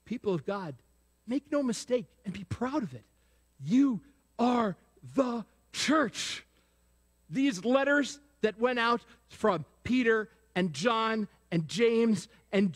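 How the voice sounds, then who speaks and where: A male pastor with a very high, animated voice preaches slowly, repeatedly asking the congregation questions and prompting them to respond. He's in a church sanctuary, and the recording carries its long reverb.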